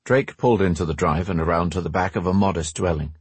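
A man narrating a fantasy audiobook in a steady, expressive storytelling manner. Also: deep voice, quick pace, breathy edge, no echo.

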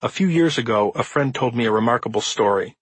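Guy reading his own book intro, slightly husky, dead dry studio sound, steady and earnest. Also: medium pitch, no echo, rough recording. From Midwestern United States. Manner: measured, earnest storytelling. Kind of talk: audiobook narration.

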